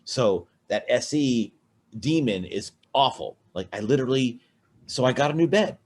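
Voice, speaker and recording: A man's voice: medium pitch, expressive, moderate pace, breathy edge. A man on a casual podcast, rambling and swearing through a drunken personal chat with many restarts. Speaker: podcast co-host.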